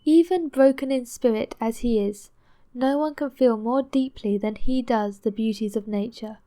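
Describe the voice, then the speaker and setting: A woman narrating a classic novel as an audiobook in a measured, steady reading. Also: a little high. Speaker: audiobook reader.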